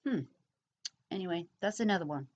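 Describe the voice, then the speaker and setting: A middle-aged woman chatting casually as she answers comments, talking slowly and rambling with pauses and fillers. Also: lowish voice, animated, darkish tone, highs cut off. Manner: slow, rambling, pausing, with many fillers. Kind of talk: casual chat.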